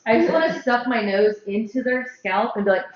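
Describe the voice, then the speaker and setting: A woman's voice: a little high, expressive, brisk. A woman stylist co-hosting a live hair show, chatting playfully and giggling in a salon classroom. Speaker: hairstylist co-host. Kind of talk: casual chat. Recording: echoey room, dull sound.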